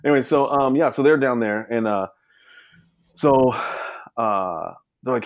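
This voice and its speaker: A man telling his family story as a guest in a casual interview, rambling with many fillers and animated retelling. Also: medium pitch, unhurried, pauses often, dry recording, clean studio sound. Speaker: guest, son.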